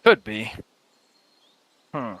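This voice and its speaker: A man voicing a wary adult male woodsman companion who talks in a low-key, cautious way, thinking aloud. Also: sing-song, very slow, fairly bright tone, dry recording, exaggerated voice.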